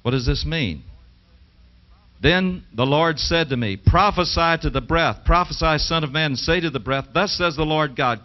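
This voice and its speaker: A middle-aged man preaching a sermon and reading scripture aloud. He speaks with emphasis and asks the audience rhetorical questions. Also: on the high side. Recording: dull lo-fi 1980s television broadcast.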